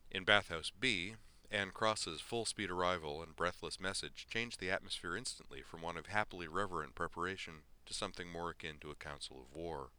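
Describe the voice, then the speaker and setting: Deep-voiced man reading a story. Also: brisk, hardly any pauses, bright, forceful tone, clear, resonant tone, no room sound. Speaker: narrator.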